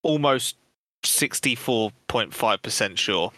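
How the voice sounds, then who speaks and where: A man's voice: medium pitch, lively intonation, takes it slowly, bright, forceful tone, no room sound. A man co-hosting a casual gaming podcast, joking, laughing often and swearing. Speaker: podcast co-host.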